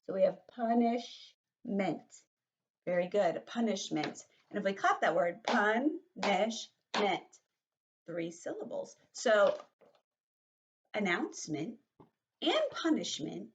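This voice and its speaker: A woman who is a kindergarten teacher, giving a vocabulary lesson to young children in a slow, encouraging way and often checking with "right?". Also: mid-range voice, big pitch swings, lo-fi sound, a little hiss or hum. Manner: slow, encouraging, with lots of rhetorical questions.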